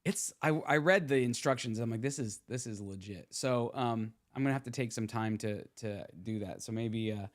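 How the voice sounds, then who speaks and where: A man's voice: medium pitch, normal speed, hardly any pauses. A man, hosting a podcast in loose casual chat, full of fillers and restarts. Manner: rambling, many fillers and restarts. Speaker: podcast host.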